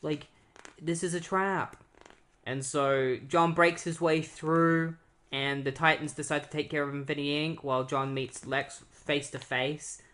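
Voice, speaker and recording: A man co-hosting a podcast, casually retelling a comic storyline with lots of fillers and quick quoted character voices. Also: fairly high pitch, flat delivery, pushed and bright. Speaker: podcast co-host. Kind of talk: casual comic book recap.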